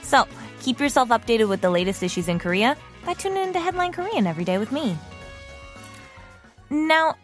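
A woman's voice: medium pitch, no room sound. A woman hosting a casual language lesson, chatty and upbeat, explaining with plenty of fillers. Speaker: Korean language teacher and show host.

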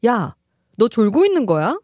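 A brisk young woman teasing a drowsy friend in a scripted radio dialogue. She talks very fast and her pitch swings widely, and the sound is close and dry. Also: big pitch swings, warm tone, no echo, soft background music. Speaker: dialogue voice actor.

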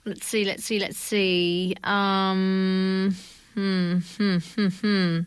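Bubbly, giggly female morning-show co-host, mid pitch, dry close studio sound. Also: little pitch movement, drawn-out words, clear, resonant tone, no echo. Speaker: radio co-host. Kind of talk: morning radio banter. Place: radio studio. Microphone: studio microphone.

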